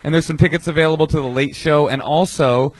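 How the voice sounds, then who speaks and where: A man's voice: a little high, steady tone, slight background noise. A male stand-up comedian guest, bantering and roasting on a live show. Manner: joking, quick to roast. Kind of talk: casual banter on stage.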